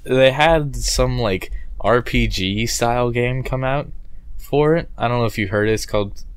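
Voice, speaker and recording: A man's voice: mid-range voice, moderate pace, smooth, dry recording. A young man co-hosting a podcast, chatting laid-back about games with many ums and uhs. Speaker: podcast co-host. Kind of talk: casual chat about video games.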